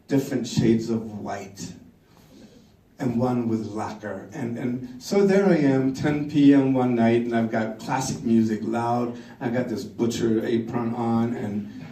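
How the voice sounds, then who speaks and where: A middle-aged man from Sweden with a Swedish accent, telling a story on stage in an animated way, laughing and acting out the quotes. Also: medium pitch, roomy sound, recorded from a distance, rough recording. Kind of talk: storytelling talk.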